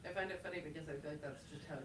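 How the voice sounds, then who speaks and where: A woman from New Jersey, co-hosting a podcast in casual chat, loud and teasing. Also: deep voice, steady tone, rapid-fire. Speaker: podcast co-host. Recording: echoey room, far from mic, noisy.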